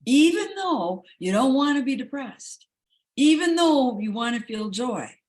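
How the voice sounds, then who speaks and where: A woman's voice: high voice, big pitch swings, a little slow, darkish tone. A woman wellness coach talking emphatically and repeating key words for stress. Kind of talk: enthusiastic wellness talk.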